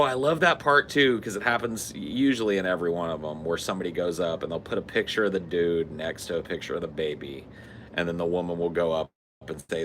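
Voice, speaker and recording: A man's voice: low voice, brisk, a little hiss or hum. A man co-hosting a podcast, telling stories with lots of swearing, laughter and voice impressions. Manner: animated storytelling, mimics voices, laughs often, swears freely. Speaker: podcast co-host. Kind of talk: casual comedic chat.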